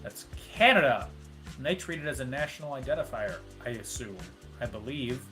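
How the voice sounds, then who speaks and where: Over soft background music, a man with a mid-range, lively voice hosts live trivia at a fairly quick clip, his delivery pushed and bright. He announces each answer with joking, wry remarks on the side.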